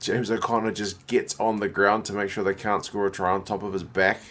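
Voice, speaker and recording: A young New Zealand man chatting casually as he watches rugby live, reacting loudly and answering viewer comments. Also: fairly low pitch, fairly quick. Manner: excitable, slangy, reads out viewer comments.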